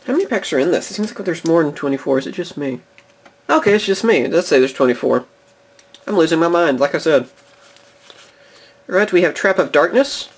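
A man's voice: fairly high pitch, expressive, a little fast, pauses often, slightly rough. Chatty young man opening card packs. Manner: chatty and enthusiastic, chuckles often. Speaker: card-collecting video host. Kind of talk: casual box-opening commentary.

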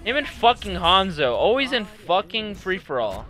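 A young man raging and swearing through live gameplay commentary, yelling at opponents. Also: sits high, very animated, normal speed, faint music behind. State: angry and agitated. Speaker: gaming streamer.

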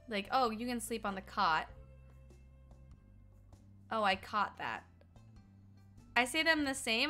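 In her twenties and from Colorado, this young woman chats casually with her stream as she games, laughing often and replying to chat. Her voice is fairly high-pitched with a sharp tone.

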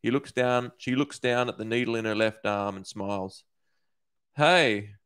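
A man from Australia, an author, reading his dark short story aloud in a steady, measured way. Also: fairly low pitch, clear, resonant tone.

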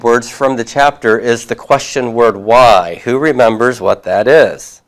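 A man's voice: medium pitch, measured pace, hardly any pauses. A man teaching a class, reviewing homework and prompting students with questions, with occasional chuckles.

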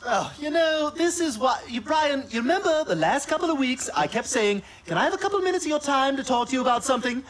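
A prissy British evil baby. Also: male voice, extremely high pitch, animated, fast, hardly any pauses, a bit bright, a little hiss or hum. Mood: arch. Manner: prissy, theatrical. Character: scheming British baby boy genius.

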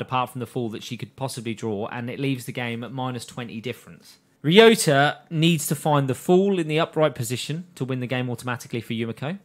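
A man on a casual podcast, summarizing an anime plot, laughing and swearing with friends. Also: medium pitch. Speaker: podcast host. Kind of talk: casual recap chat.

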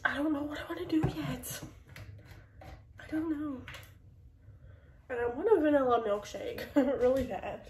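A woman vlogger talks casually in her kitchen, her nose stuffed up from a cold. She rambles along with sighs and small laughs. Her voice is a little high, and it comes from a bit away from the mic in an echoey room. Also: measured pace, pauses often, darkish tone, distant mic, a little hiss or hum. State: congested nose. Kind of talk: casual vlog chat. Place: kitchen at home.

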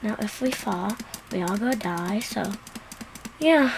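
Excitable woman narrating a game. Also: on the high side, takes it slowly, gravelly, poor audio. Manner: excitable, self-mocking, chatty. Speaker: gameplay commentator. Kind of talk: casual gameplay commentary. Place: home, seated at computer. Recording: loud background noise.

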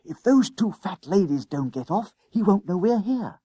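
A man voicing a nervous schoolboy who speaks in hushed, urgent tones. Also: sits high, very animated, normal speed, husky, dry recording, studio quality, voice pushed up, exaggerated voice. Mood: whispering plans. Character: anxious schoolboy, hiding, whispering urgently.

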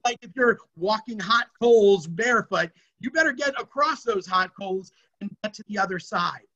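Over an online video session, an energetic, emphatic presenter leads a motivational workshop for students. The voice is medium-pitched at normal speed, and the recording sounds muffled.

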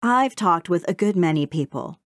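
Brief: woman reading as a calm, earnest storybook beaver, lower voice, dry. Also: normal speed, no echo, natural voice. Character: polite, earnest male beaver.

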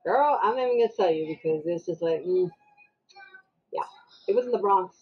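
Husky woman telling a story. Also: on the low side, fairly quick, lo-fi sound. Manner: animated, acts out the people she quotes. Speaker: podcast guest. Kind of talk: casual storytelling chat.

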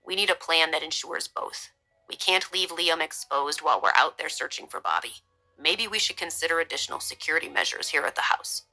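A woman doing a firm young father, lowered voice. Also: brisk, faint music behind, full character voice. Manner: firm, steady. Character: determined young father, male.

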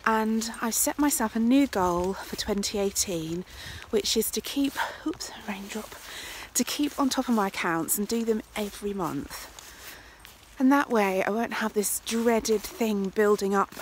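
English woman, casual vlog host, phone at arm's length, light whispered asides, faint noise behind. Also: medium pitch. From England. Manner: chatty, drops to whispers. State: out of breath. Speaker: podcast host. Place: outdoors on a walk, then indoors. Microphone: phone held at arm's length.

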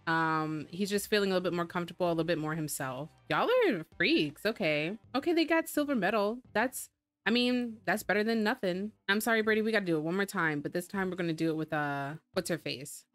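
A woman's voice: fairly low pitch, fast talker, no room sound, soft background music. A woman giving casual let's-play commentary, chatty and rambling as she narrates her own moves in the game. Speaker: gamer.

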